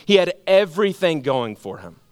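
A man preaching a sermon, telling a story and letting his voice drop low and quiet at the heaviest moments, then building with emphatic repeated phrases. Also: sing-song, moderate pace, clean tone, no echo. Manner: storytelling, drops low and quiet at emotional points. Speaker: pastor.

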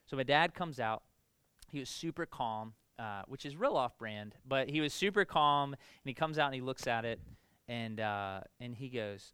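Bright, clear-voiced man preaching casually. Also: medium pitch, normal speed, dry recording. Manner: casual, animated, lots of fillers. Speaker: pastor. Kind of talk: conversational sermon with storytelling.

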